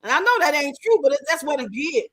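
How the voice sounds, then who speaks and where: A woman from Chicago with a Chicago accent, hosting a livestream and answering her chat in an animated, outspoken way. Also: high voice, quick pace, no echo, rough recording. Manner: animated, outspoken, emphatic, talks back to the chat. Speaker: livestream host. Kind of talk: livestream chat reacting to comments.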